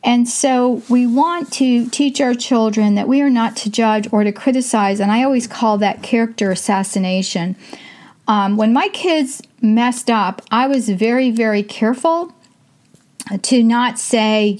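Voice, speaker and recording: An older woman hosting a casual advice talk, chatty and full of fillers, often speaking in quick bursts. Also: a little high, a little mellow. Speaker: host.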